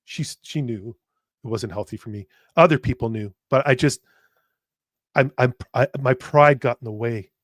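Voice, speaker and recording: Speaking directly and earnestly to his audience, a man hosts a candid, emotional personal podcast, swearing bluntly at times and stumbling through restarts and repeated words. He has a medium pitch and moderate pace, captured in studio quality with no echo.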